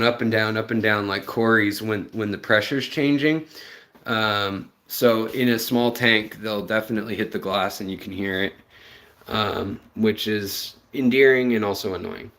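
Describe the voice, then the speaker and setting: A man's voice: lowish voice, steady tone, moderate pace, a bit bright. Easygoing rambling male streamer. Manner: rambling, filler-heavy, greets chat viewers by name. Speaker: livestream host. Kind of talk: casual live-stream chat.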